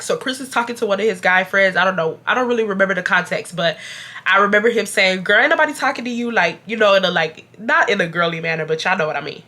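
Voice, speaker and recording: A young woman with a bright, forward voice tells a casual storytime straight to her viewers. She is chatty and animated, calling out to them as y'all, even though she is sick and feeling unwell. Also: medium pitch. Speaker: YouTube storyteller.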